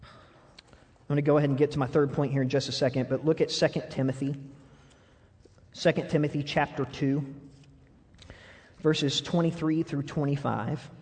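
A young adult man preaching a sermon, animated and laughing often, swinging between loud outbursts and soft asides. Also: on the high side, normal speed, pauses often. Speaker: pastor.

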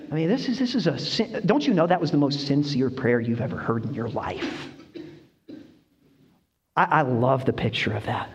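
A man's voice: on the high side, normal speed. A male pastor preaching a sermon, asking his congregation questions as he goes. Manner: lively, quizzes the congregation with questions. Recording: long reverb, dull lo-fi sound.

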